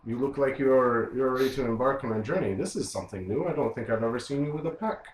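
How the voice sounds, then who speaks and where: A man's voice: mid-range voice, fast, reverberant, slight background noise, pitched above the performer's own voice, close to an everyday voice, poor audio. A man voicing a friendly caravan master in a tabletop game, talking in a hearty, cheerful way. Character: middle-aged male village caravan master, friendly.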